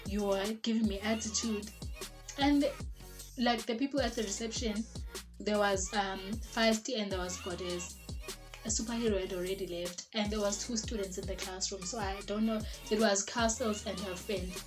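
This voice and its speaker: A young South African woman telling a casual storytime, chatty and animated, slipping in isiZulu phrases and lots of "like". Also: mid-range voice, normal speed. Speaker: vlogger. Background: background music.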